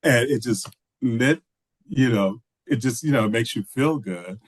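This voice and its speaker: A man's voice: medium pitch, unhurried, slightly rough, no echo. A man, a filmmaker guest from Texas, telling stories in a casual video call interview with many restarts and "you know"s.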